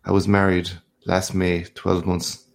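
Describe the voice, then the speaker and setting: A man voicing a shy, timid young clerk in a storybook reading, low and gravelly. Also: completely flat delivery, unhurried. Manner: timid, hesitant.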